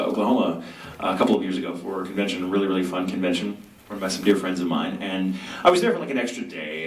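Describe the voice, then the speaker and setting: Chatty man on a panel in an echoey hall. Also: sits low. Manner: animated, chatty, self-mocking, acts out quotes. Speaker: voice actor on a convention panel. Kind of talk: storytelling Q&A panel. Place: large convention hall. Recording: echoey convention hall from far off.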